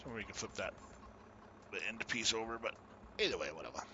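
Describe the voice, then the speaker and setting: A man chatting casually with viewers while he streams a farming game, easygoing and quick to laugh. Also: fairly low pitch, lively intonation, lo-fi sound, background noise. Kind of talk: casual live-stream chat.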